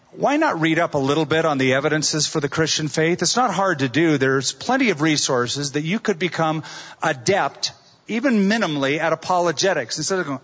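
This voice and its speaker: A man's voice: a little high, fairly bright tone, muffled recording. A middle-aged male pastor preaching a sermon, telling stories and acting out the quotes of the people in them. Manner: storytelling with acted-out quotes.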